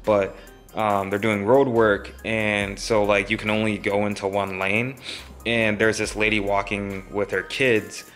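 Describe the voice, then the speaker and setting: Low-voiced young man rambling a story. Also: flat delivery, a little slow, fairly bright tone, soft background music. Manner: rambling, lots of "like" and "um" fillers. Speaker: vlogger. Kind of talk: casual storytelling.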